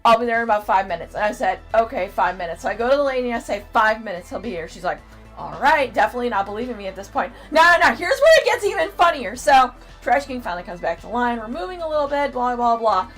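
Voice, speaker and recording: Woman, co-host, casual con review, animated and profane, higher voice. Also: quick pace, few pauses, faint music behind. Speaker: podcast co-host. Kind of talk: casual convention review chat.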